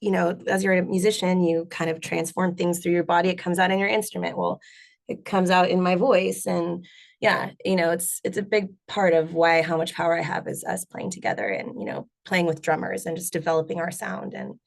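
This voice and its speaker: A woman singer and bassist chatting in an interview, rambling with lots of fillers. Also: steady tone, a little fast, gravelly. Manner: rambling, many fillers, laughs often. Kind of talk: casual interview chat.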